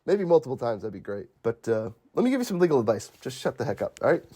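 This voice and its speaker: A man's voice: medium pitch, big pitch swings, fast, warm tone. A man hosting a casual podcast movie chat, retelling scenes with frequent laughter. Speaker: podcast host.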